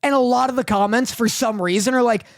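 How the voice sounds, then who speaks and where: A man's voice: extremely high pitch, fast, no echo, clean studio sound. A young man co-hosting a casual podcast, joking and laughing often. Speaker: podcast co-host.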